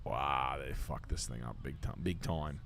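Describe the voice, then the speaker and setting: A man's voice: very deep voice, measured pace, a bit bright, slight background noise. A man from the area, hosting a casual show and talking in a crude, rambling way full of fillers. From Boston area, United States. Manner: profane, blunt, rambling with many fillers. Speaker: podcast host.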